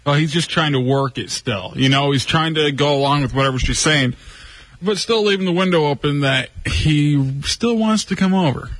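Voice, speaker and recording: A man's voice: on the high side, normal speed, a bit bright, low-quality recording. A man co-hosting a radio show, chatting casually with hesitant, wry remarks. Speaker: radio co-host.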